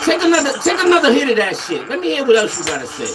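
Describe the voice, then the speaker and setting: A man telling a comic story in a loud, animated and profane way, repeating himself for effect. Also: very high-pitched, racing, loud music behind the voice.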